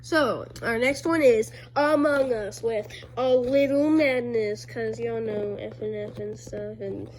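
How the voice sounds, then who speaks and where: Slow, rambling, higher-voiced woman. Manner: rambling, filler-heavy, loose storytelling; bursts into loud high character voices. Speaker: creator reading own comics. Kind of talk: casual chat.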